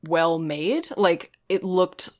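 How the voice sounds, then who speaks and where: A woman cohosting a casual podcast, throwing in quick jokey quips between chatty fillers. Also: fairly low pitch, a little mellow. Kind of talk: casual chat.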